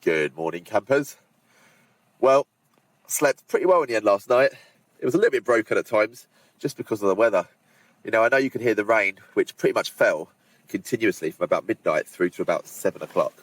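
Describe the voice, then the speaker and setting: Talking fast in a lowish voice with no room sound, a man vlogs from a windy fellside campsite. He's chatty and relaxed, addressing his viewers directly and wandering into casual asides.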